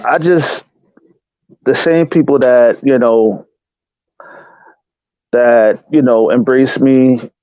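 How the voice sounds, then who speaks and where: A man's voice: mid-range voice, steady tone, slow pace, long pauses, dark tone, no room sound, lo-fi sound. A man in casual chat who talks in a slangy, firm and determined way.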